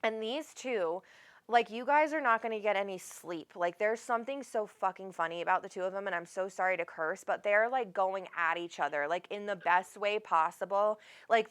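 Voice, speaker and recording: A woman's voice: mid-range voice, normal speed, a bit bright, smooth. A woman hosting a live psychic reading, talking in a rambling, affectionate way, calling the caller honey and swearing casually. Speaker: psychic medium host.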